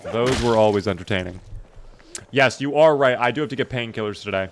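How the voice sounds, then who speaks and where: A man's voice: mid-range voice, fairly quick, slight background noise. Tired, chatty young game streamer man. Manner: chatty, thanks viewers by name, mutters while looting. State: tired, yawning. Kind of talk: casual live-stream commentary.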